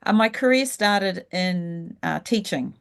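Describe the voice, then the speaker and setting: A woman's voice: mid-range voice, animated, gravelly, clean tone. A middle-aged woman, telling her story frankly and reflectively as an interview guest. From New Zealand. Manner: frank and reflective, slows down when thinking back. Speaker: guest, leadership coach. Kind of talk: candid storytelling in a casual interview.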